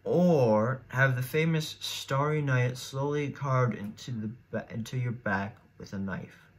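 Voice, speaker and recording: A man's voice: mid-range voice, a little slow, slight background noise. A teenage boy in casual solo commentary, rambling and thinking aloud with frequent restarts as he weighs each choice. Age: teens. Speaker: YouTuber.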